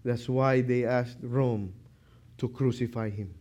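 A man preaching a sermon, slow and emphatic, who keeps asking rhetorical questions. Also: medium pitch, steady tone, a little mellow, muffled recording.

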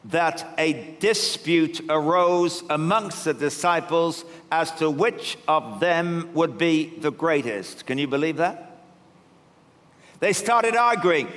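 A man preaching a sermon, telling the story in an animated, humorous way. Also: fairly high pitch. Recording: reverberant hall.

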